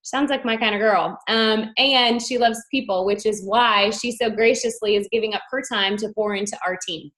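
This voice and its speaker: A woman's voice: a little high, normal speed, few pauses, a bit bright, poor audio. A woman hosting a team video call, giving an upbeat, gushing introduction of her guest. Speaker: host.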